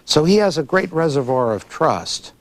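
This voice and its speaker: A man's voice: a little high, lively intonation, normal speed. A man in his sixties from Philadelphia, giving long, thoughtful and digressive interview answers as a librarian, with frequent restarts. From Philadelphia, United States. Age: 60s.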